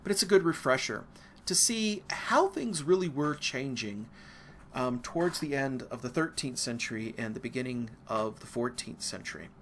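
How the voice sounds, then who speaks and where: Casual American male lecturer, bright, rambling asides, faint hiss under the voice. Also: medium pitch, animated, normal speed. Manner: casual, digressive, with asides and fillers. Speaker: art history lecturer. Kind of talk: recorded university lecture.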